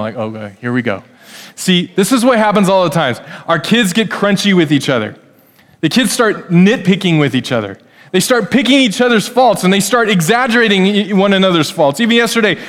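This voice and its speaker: A middle-aged male pastor preaching a family sermon, speaking directly to the kids and acting out what family members say. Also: on the high side. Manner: lively, addresses kids directly, acts out family quotes. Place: church hall. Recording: long hall reverb.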